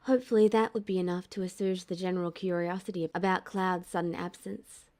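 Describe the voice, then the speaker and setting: Mellow woman reading a story. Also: on the low side, fairly even intonation, fairly quick. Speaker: fan audiobook reader. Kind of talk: audiobook narration.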